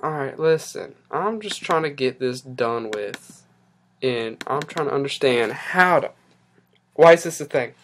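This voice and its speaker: During casual live-stream chatter, a podcast host sounds flustered and exasperated, swearing at technical trouble. The voice is mid-range and a little slow with lively intonation, over slight background noise.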